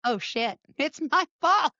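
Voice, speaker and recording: A middle-aged woman hosting a podcast, telling stories in an animated way with lively quoted asides. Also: high voice, slow, no echo. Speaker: podcast host. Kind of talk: casual chat. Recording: dull lo-fi sound.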